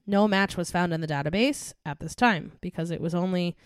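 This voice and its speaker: A woman's voice: on the low side, brisk, clean tone, no echo, clean studio sound. Young woman co-hosting a true crime podcast. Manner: chatty, giggly, reads case notes. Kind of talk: casual podcast chat and case narration.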